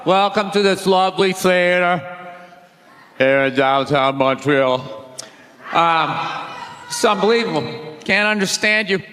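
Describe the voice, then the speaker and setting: A man doing a stand-up rant on a big theater stage, loud, exasperated and profane. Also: high-pitched, background noise. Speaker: stand-up comedian. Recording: theater reverb with faint crowd.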